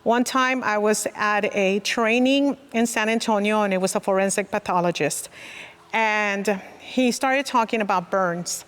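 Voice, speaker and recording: A woman's voice: medium pitch, a little slow, fairly bright tone, smooth. A woman in her forties, a child protective services worker, giving an earnest, reflective personal testimony. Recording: long reverb.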